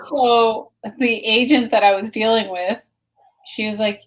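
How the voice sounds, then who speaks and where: A woman co-hosting a wellness talk show, telling a travel story in a relaxed, easygoing way with frequent laughs. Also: medium pitch, normal speed, low-quality recording. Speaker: co-host. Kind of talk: casual chat. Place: remote location in California.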